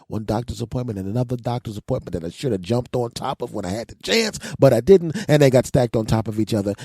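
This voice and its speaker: A male podcast host telling a comic, self-mocking story in a whiny, animated way. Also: lowish voice, no echo, clean studio sound. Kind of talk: comic monologue.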